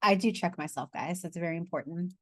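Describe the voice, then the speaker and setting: Woman coach, lowish voice, dry sound, loose and chatty, laughs and curses mid-lesson. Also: a little fast, no room sound. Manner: chatty, laughs and swears, loses her train of thought. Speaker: money coach leading a masterclass. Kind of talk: casual live online class. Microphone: video call.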